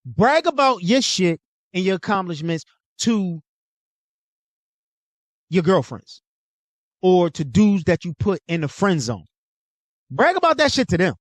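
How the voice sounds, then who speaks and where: Man, young adult, blunt and profane, lecturing, fairly high voice, dry close sound. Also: big pitch swings, measured pace, pauses often, no room sound. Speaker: host. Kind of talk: casual monologue.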